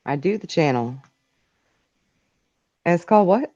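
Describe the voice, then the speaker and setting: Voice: mid-range voice, animated, a little slow, dark tone, dull audio. A podcast co-host chatting playfully in a casual show, laughing a lot.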